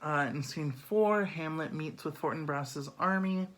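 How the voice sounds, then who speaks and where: A man's voice: on the high side, a little slow, a bit bright. A man giving a casual, chatty summary of a play, full of fillers and acted-out asides. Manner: chatty, filler-heavy, lots of "um" and "like".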